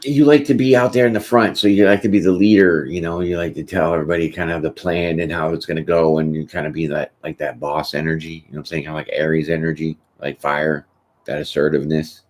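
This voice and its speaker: A man's voice: rumbling low, flat delivery, fast talker. A man hosting a tarot channel, chatting casually and rambling through a live question session, often tossing in "you know what I'm saying". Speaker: tarot reader host.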